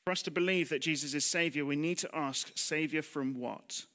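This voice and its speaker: This man preaches in church with a voice on the high side, a bit bright, at normal speed. His sermon is conversational, dotted with rhetorical questions and self-deprecating asides, and he nearly whispers the weightiest lines.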